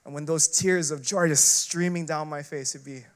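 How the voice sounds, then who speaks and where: Conversational preacher, a man with a higher voice. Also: moderate pace, hardly any pauses. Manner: conversational preaching, filler-heavy, rhetorical questions; swings between loud emphatic and quiet hushed passages. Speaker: associate pastor. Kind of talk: sermon.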